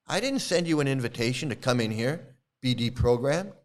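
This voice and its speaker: Angry, swearing man with a lively pitch. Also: fairly quick. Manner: angry, profane, confrontational. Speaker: YouTube channel host. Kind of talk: profane live-stream rant.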